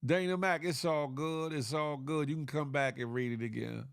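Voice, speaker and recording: A man's voice: fairly high pitch, moderate pace, creaky, clean tone, dry recording, clean studio sound. A man hosting a casual morning show, tired and a little congested, laid-back and laughing often as he reads viewer comments. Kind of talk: casual live-stream chat reading viewer comments.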